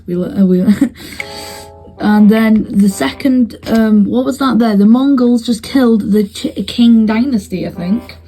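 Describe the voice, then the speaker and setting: A woman's voice: fairly high pitch, a little slow, dark tone, soft background music, low-quality recording. A woman giving casual, rambling commentary on a game as she watches, hesitant and full of fillers and restarts. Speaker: video host commentating a map simulation.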